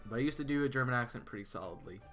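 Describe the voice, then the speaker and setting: A man's voice: mid-range voice, expressive, rapid-fire, sharp tone, soft background music. A man streaming a game live, chatting casually with his viewers, with lots of fillers and restarts. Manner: chatty, answers chat, many fillers and restarts.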